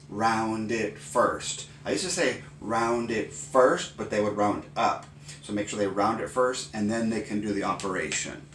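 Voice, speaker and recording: A middle-aged man, a math consultant, demonstrating a teaching routine and punctuating each math term with a loud karate grunt. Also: on the low side, a little hiss or hum. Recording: roomy sound, mic at a distance.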